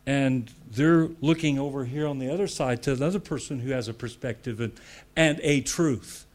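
A man's voice: mid-range voice, normal speed. A man from the United States preaching a sermon to church leaders, emphatic and conversational, repeating phrases for effect. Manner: emphatic, rising to loud declarations; repetitive, conversational asides.

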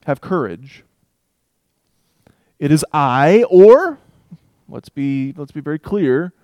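A man teaching a Bible passage in a relaxed, conversational way, reading verses aloud and thinking out loud with asides. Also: a little high, takes it slowly, long pauses, no echo, studio quality. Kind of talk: casual Bible study talk with scripture reading.

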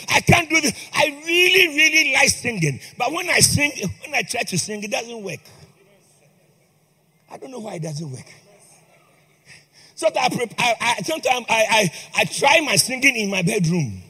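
A man's voice: extremely high pitch, very animated, moderate pace, long pauses, sharp tone, husky. A man preaching a sermon in a church, impassioned and calling on the congregation to respond. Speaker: priest. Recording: long hall reverb with faint music.

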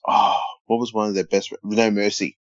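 A man's voice: fairly low pitch, little pitch movement, normal speed, no echo, lo-fi sound. A man co-hosting a podcast, talking in a laid-back, hesitant way with frequent short agreements. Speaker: podcast co-host. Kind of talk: casual watch-along chat.

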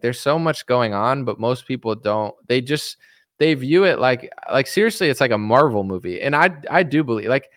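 A man's voice: medium pitch, fairly bright tone, no room sound, clean studio sound. An American man in a casual reaction chat, answering viewer comments in a rambling, blunt and defensive way, full of fillers. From United States.

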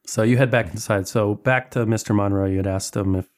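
Male game master, lowish voice, loose and halting narration. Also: steady tone, darkish tone. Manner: narrates with frequent fillers and restarts.

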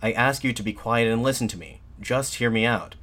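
A fairly low-voiced man at a moderate pace takes on a defiant nationalist, yelling passionate appeals to soldiers from up on a balcony. The mood throughout is fervent and shouting.

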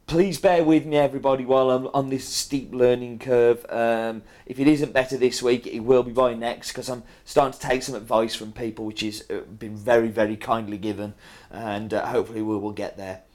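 Fairly quick and fairly even in intonation, this middle-aged man's mid-range voice has a darkish tone. A coffee roaster with a strong British accent, he casually reads out viewer comments, peppering them with ums and uhs.

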